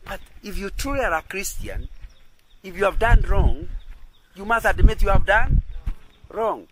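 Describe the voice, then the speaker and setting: Lively man preaching with wide pitch swings. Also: normal speed, background noise. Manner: often checks agreement with "isn't it?"; repeats and restarts phrases. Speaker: Christian teacher. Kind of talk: sermon-style teaching.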